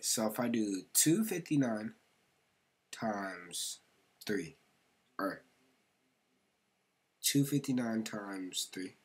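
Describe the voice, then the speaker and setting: A man's voice: lowish voice, pushed and bright, slightly rough. A man narrating his gameplay casually, slangy and chatty, often muttering or whispering to himself. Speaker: gaming video creator.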